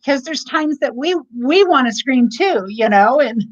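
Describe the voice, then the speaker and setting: Woman with a higher voice on muffled audio. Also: animated, unhurried. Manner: rambling, many "you know" fillers and restarts. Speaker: parent guest. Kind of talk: casual chat.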